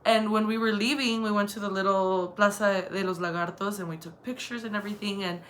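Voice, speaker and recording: A young woman from the El area telling a story casually in a vlog, animated and profane, acting out the dramatic moments. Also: medium pitch, a little fast. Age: young adult. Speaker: vlogger.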